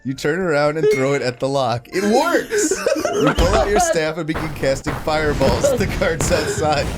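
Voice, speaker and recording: A man's voice: a little high, sing-song, moderate pace, heavy background noise. A man reading a silly text adventure aloud in casual chat, often breaking into laughter. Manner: laughing, giggles through the narration.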